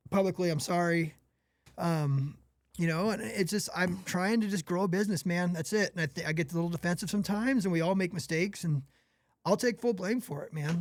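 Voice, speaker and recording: A man in his forties with a fairly high voice speaks as a podcast guest, earnest and apologetic, circling back and restarting his sentences. The sound is close and dry, with no room around it. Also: dry recording. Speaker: podcast guest, gear company owner. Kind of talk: candid podcast conversation.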